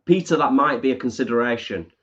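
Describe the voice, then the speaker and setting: A man's voice: mid-range voice, fast talker, a bit bright. A man co-hosting a live stream, chatting casually and reading out viewer comments. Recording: dull lo-fi stream audio.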